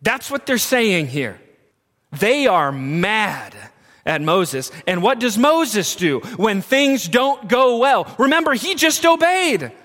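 Male preacher, emphatic, poses questions to the room; unhurried delivery, echoing hall. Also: high-pitched, sing-song, a bit bright. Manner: emphatic, asks the congregation questions. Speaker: pastor. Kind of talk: sermon.

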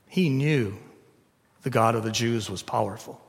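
A man's voice: mid-range voice, a little slow. Dramatic male preacher in a reverberant hall. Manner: dramatic, swings from loud to near whisper. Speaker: pastor. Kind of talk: sermon.

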